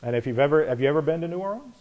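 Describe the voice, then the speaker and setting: A man preaching a sermon, animated, telling stories and asking rhetorical questions. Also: on the high side, racing. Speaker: pastor.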